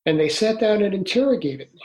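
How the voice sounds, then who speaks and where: An older man in his sixties tells his story as an interview guest. He speaks earnestly and haltingly and often restarts, in a slightly raised voice. A roomy echo surrounds him. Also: sits high, animated, a little mellow. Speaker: guest, author.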